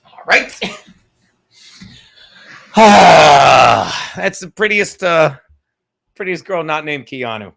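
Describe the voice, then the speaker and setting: A man's voice: fairly high pitch, animated, drawn-out words, vocal fry, pauses often, fairly bright tone. A tired man hosting a casual live stream from home, rambling and swearing, with joking asides to the chat. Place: home room.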